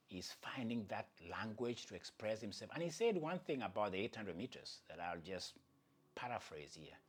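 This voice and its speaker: A man's voice: on the low side, breathy edge. A man hosting his own channel, giving casual, playful commentary with chatty asides to viewers and jokes at his own expense. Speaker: athletics commentator and channel host.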